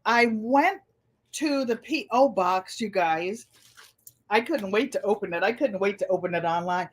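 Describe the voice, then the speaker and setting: An older woman hosting a live stream, chatting warmly with viewers and telling family stories. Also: mid-range voice, measured pace. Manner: chatty, storytelling, greets viewers by name. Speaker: host.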